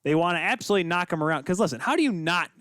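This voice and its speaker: A man co-hosting a casual sports talk podcast, his voice pitched high and swinging widely as he rants. He is emphatic and heated, piling up rhetorical questions. The sound is dry and close. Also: lively intonation, racing, fairly bright tone, no room sound. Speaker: podcast co-host.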